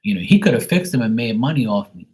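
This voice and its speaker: A live stream host who gives readings rambles through a casual story in streetwise slang, swearing a lot and acting out both sides of conversations. His mid-range voice is a little mellow, very animated and fast, though the audio is poor.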